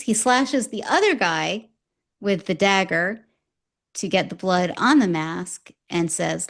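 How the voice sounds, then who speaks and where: Lively woman recapping an anime, slightly low voice, does little quote voices. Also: slow pace. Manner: animated storyteller, acts out quotes. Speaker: podcast co-host recapping an anime. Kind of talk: casual recap and commentary.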